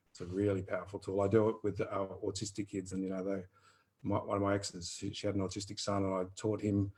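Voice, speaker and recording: A man around fifty with a low, husky voice chats casually in a live Q&A, rambling animatedly as he answers listener questions. His wording is earthy, and the audio quality is poor.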